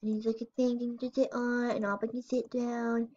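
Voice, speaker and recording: A woman's voice: fairly high pitch, little pitch movement, normal speed, darkish tone, highs cut off. A female voice giving casual, rambling commentary while playing a game, often unsure of herself and squealing over cute items. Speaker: gamer showing her game house.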